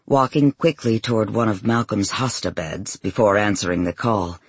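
A man with a husky voice giving a measured, emotional first-person audiobook narration. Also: mid-range voice, dry recording.

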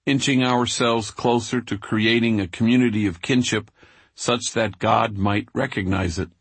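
Guy reading his own memoir, low pitch, dry close sound, slow sermon-ish rhythm. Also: fairly even intonation, husky, dry recording. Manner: measured, preacherly cadence. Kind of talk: reflective memoir narration.

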